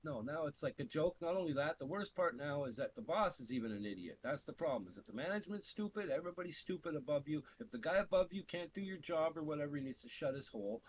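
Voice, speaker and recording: A middle-aged man from Canada telling stories in casual chat, swearing freely and animated, often laughing through his stories. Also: on the high side, fast talker, hardly any pauses, low-quality recording. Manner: profane, animated storyteller with laughs. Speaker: podcast co-host. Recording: faint hiss.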